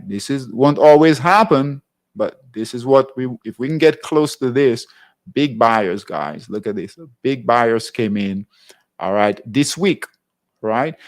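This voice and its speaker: A man's voice: mid-range voice, a little mellow. A man hosting a live trading class, walking through charts in a conversational way and often checking in with his viewers. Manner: conversational, keeps checking in with "all right?". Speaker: trading show host.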